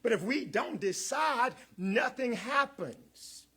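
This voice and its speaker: A man's voice: extremely high pitch, expressive, slow pace, sharp tone, husky. A man preaching a rousing sermon as guest minister, repeating words, building in waves, calling out to the congregation and chuckling between points.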